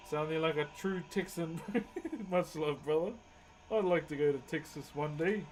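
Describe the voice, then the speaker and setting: A man's voice: a little high, darkish tone, a little hiss or hum, poor audio. A man chatting casually on a live stream, greeting viewers and laughing often. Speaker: livestreamer and wood carver.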